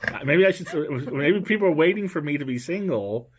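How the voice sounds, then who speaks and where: A man's voice: a little high, animated, fairly quick. A man hosting a casual talk show in a joking, rambling way. He trips over his words and restarts his sentences often. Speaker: podcast host. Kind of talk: casual chat.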